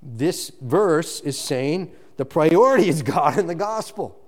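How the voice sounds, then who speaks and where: A man preaching a sermon as pastor, earnest and emphatic, often restarting phrases and breaking into quick asides. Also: a little high, expressive.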